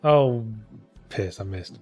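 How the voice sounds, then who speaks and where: A man's voice: medium pitch, animated, slow, a little mellow, highs cut off, faint music behind. Man walking through his game. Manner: explains the game's mechanics with dry swearing. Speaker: game creator playing his game. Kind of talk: casual let's play commentary.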